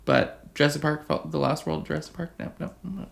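A woman's voice: low voice, steady tone, fairly quick, vocal fry. A woman co-hosting a podcast, chatting enthusiastically about movies with emphatic agreement. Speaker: podcast co-host. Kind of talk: casual movie chat.

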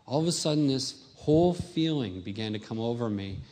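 A man's voice: medium pitch, lively intonation, brisk, mellow. Man telling his testimony in a hall. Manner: storytelling, acts out his past self in raised voice. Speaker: speaker giving a testimony. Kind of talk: personal testimony talk.

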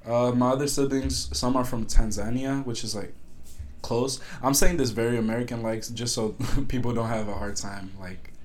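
A man's voice: mid-range voice, normal speed. Easygoing young man from Burundi. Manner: relaxed, easygoing, says "bro" a lot. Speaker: podcast guest. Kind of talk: casual chat.

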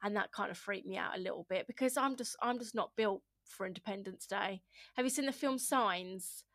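A woman's voice: mid-range voice, normal speed, fairly bright tone, dry recording, clean studio sound. A woman in her thirties chatting casually to her viewers, rambling, swearing and laughing as she goes. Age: 30s. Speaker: vlogger. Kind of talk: casual chat to camera.

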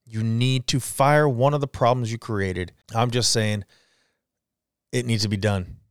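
A man's voice: medium pitch, steady tone, a little slow, clear, resonant tone, no room sound, clean studio sound. A man in his forties hosting a solo podcast, ranting bluntly and swearing freely. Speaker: podcast host. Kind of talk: casual solo podcast rant.

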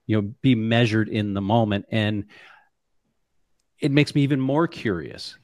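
A man's voice: on the low side, darkish tone, no echo. Reflective male podcast host, dry. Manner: reflective, measured, asks follow-up questions. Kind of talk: interview conversation.

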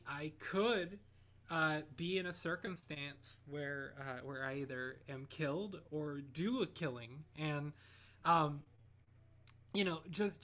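Animated, rambling male interview guest. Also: on the high side. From Ohio, United States. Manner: animated, full of "like" and "you know", many restarts. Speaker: interview guest, composer and pianist. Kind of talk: reflective conversational storytelling.

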